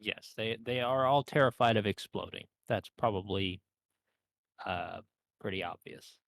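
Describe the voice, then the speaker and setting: A man running a tabletop game as game master, who talks haltingly with many fillers. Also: lowish voice, gravelly, fairly bright tone, no echo, rough recording.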